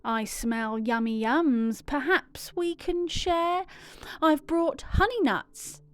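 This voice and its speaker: A friendly badger offers snacks in a raised, bright voice, as a woman puts it on. The manner is cheerful and the storybook reading is dry and close. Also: high-pitched, steady tone, slow pace, no room sound.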